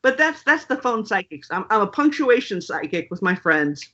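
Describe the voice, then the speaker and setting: Bright, wry woman telling a story. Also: medium pitch, moderate pace, highs cut off. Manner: animated, wry, lots of fillers. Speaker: author guest. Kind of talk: casual storytelling in an interview.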